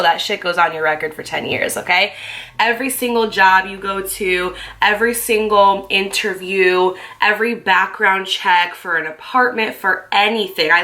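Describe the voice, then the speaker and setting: A young woman in her twenties, telling a personal story to camera in a chatty, animated way, swearing freely and acting out what others said. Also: on the low side. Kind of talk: casual storytime monologue.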